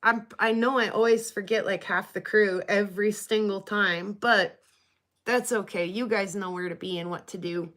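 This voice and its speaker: A woman's voice: medium pitch, steady tone, normal speed, a bit bright. A woman hosting her rock hobby livestream, chatting casually in a rambling, giggly way with many fillers. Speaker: rock hobby channel host.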